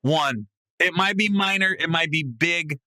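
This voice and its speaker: A man with a bright, forceful voice that sits fairly high, telling a story on his podcast. He is casual and swears freely, and he keeps jumping up into loud, laughing peaks. The sound is dry and close, with no room around it. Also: unhurried, no echo. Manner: animated, swings into loud, high laughing outbursts. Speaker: podcast host. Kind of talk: comedic storytelling monologue. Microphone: podcast mic.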